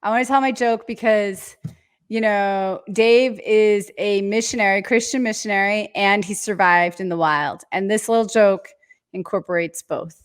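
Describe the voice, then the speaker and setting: A woman's voice: medium pitch, steady tone, normal speed, clean tone. A woman co-hosting a podcast, chatting casually and playfully. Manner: playful, reads a joke aloud. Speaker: podcast co-host. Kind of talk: casual chat.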